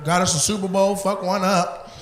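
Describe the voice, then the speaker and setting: A man doing loud, profane crowd work on a comedy club stage, bantering and laughing with the audience over a handheld mic. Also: sits high, little pitch movement, normal speed. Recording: roomy live club sound, loud crowd noise.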